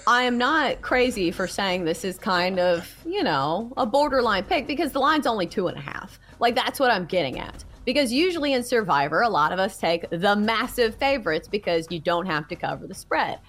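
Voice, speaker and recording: A woman with a Southern US accent talks through sports picks in a chatty, casual way. Her pitch rises and falls a lot, and she pokes fun at herself. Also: normal speed, few pauses. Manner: chatty, animated, self-deprecating. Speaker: sports show co-host.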